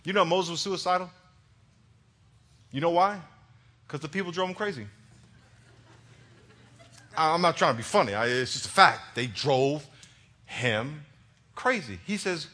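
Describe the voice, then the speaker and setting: A man preaching a sermon as pastor, impassioned and plain-spoken, moving between hushed and loud emphatic delivery. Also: a little high, a little slow, pauses often. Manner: conversational, plain-spoken, with humor.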